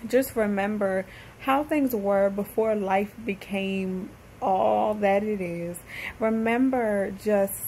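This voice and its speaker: A woman's voice: mid-range voice, slow pace, warm tone, a little hiss or hum, poor audio. Female motivational vlogger, heartfelt and faith-driven, emotional near tears, repetitive preaching rhythm. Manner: earnest, heartfelt, faith-based encouragement; emotional, holding back tears. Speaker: motivational speaker and host. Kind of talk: motivational vlog address.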